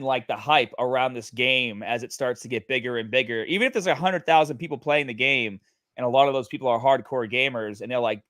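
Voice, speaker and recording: A man in casual livestream chat, pitching his project with many fillers and restarts. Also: a bit bright, no echo. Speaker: guest, NFT project creator.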